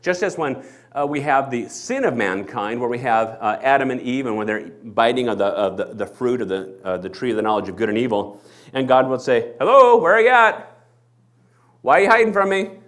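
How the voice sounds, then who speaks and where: A man's voice: mid-range voice, brisk. A male pastor preaching a sermon, acting out the people in the story as he goes. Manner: animated, acts out the people in the story. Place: church.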